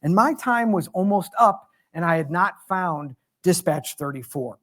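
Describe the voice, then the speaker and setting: A man giving a storytelling lecture as a guest speaker in a museum lecture hall, animated and joking at his own expense. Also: high-pitched, measured pace. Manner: animated, self-deprecating humor.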